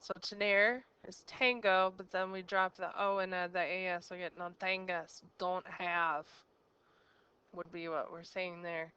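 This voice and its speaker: Unhurried and steady, this woman's lowish voice is nonetheless bright and forceful, clear and resonant, heard through a muffled recording. As a Spanish teacher, she walks through a grammar lesson one step at a time, quizzing the listener along the way.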